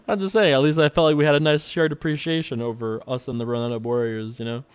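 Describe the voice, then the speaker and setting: Smooth-voiced young man, chatty poker streamer. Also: mid-range voice, flat delivery, fairly quick. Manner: chatty and loose, laughs often, swears casually. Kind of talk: casual commentary while playing online poker and reading viewer emails.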